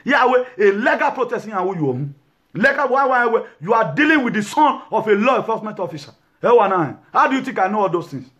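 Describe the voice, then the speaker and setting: A man's voice: sits high, lively intonation, a little fast, fairly bright tone, lo-fi sound. A man, lecturing and ranting to camera as an activist host, mixing English with Yoruba and pidgin. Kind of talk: impassioned talk to camera.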